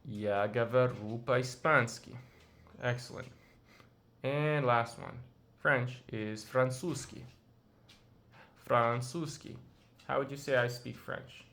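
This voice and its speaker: A man teaching a language lesson, speaking slowly and patiently and repeating phrases for the learner to practice. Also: mid-range voice, a bit bright.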